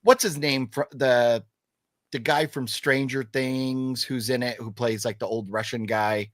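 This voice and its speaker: A man's voice: medium pitch, fairly even intonation, unhurried, a bit bright, dry recording, clean studio sound. A man hosting a casual movie chat, opinionated and emphatic, rambling with restarts. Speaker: podcast host.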